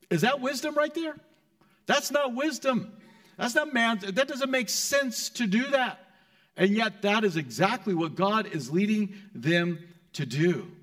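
A man preaching a sermon in a conversational way, restarting phrases and swinging between loud and soft delivery. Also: high-pitched. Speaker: pastor.

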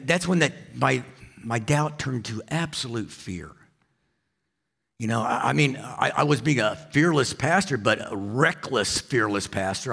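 Gravelly-voiced pastor telling a story. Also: male voice, medium pitch, fairly bright tone. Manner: personal storytelling, repeats and restarts. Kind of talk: sermon.

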